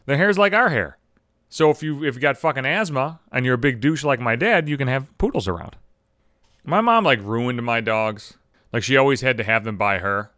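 A man rants on his podcast, cursing nonstop, with a fairly high voice that leaps up into exasperated yelps and drops into low grumbles. The sound is dry and close, with no room around it. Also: no echo. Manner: swears constantly, exasperated, jumps between high shouts and low mutters. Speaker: podcast host. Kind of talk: profane comedic rant.

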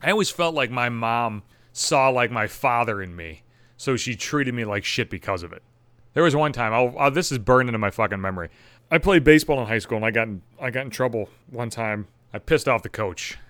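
A man's voice: mid-range voice, lively intonation, fairly quick, fairly bright tone, no echo. A young man hosting a solo podcast, ranting bitterly and sarcastically with heavy swearing. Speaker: podcast host.

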